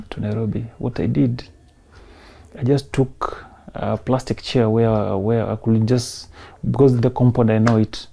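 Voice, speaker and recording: Kenyan man, gravelly, dark voice, emotional personal story, soft-spoken. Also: mid-range voice. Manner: emotional, soft-spoken, mixing in Swahili phrases. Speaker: interview guest.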